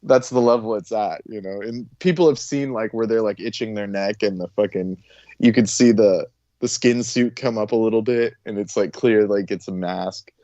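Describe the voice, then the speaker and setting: A man's voice: fairly low pitch, normal speed, warm tone, no room sound. A man chatting casually and rambling loosely, with lots of "like". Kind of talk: casual chat. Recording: dull lo-fi dry sound.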